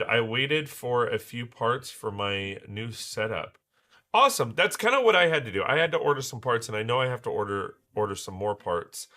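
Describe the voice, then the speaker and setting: A man hosting a casual livestream while he builds, rambling with many fillers and restarts, his voice hoarse as he recovers from losing it. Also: mid-range voice, sharp tone. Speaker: livestream host building Lego.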